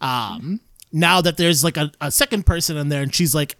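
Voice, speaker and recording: A man's voice: fairly high pitch, animated, normal speed, fairly bright tone, no echo, clean studio sound. A man casually recapping a TV episode in a rambling way, with lots of fillers and laughter. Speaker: podcast co-host.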